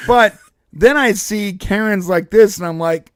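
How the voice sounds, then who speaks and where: Blunt high-voiced man hosting a podcast. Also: measured pace, smooth, dry recording, clean studio sound. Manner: blunt, profane, animated storytelling with put-on quoted voices. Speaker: podcast host. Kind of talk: casual political chat.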